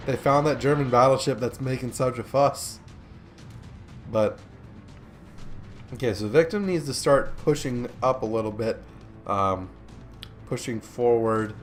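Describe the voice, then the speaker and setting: A man commentates a naval battle replay in a loose, joking way, filling gaps with "uh" and "um." He sounds a little sleepy, and his pitch sits in the middle range. Quiet music plays faintly under his voice. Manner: joking, chatty, many fillers. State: sleepy, yawning. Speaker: gameplay commentator. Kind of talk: casual game commentary over a replay.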